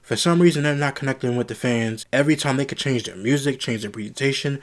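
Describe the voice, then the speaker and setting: Animated man recapping wrestling casually. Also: fast. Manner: rambling retelling with quoted dialogue and fillers; animated, rises in pitch when excited. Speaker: wrestling show reviewer.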